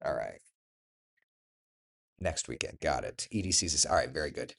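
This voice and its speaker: A man's voice: a bass voice, expressive, normal speed, creaky. A man hosting a casual morning chat, reading out and reacting to viewer comments by name, with laughs along the way. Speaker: host.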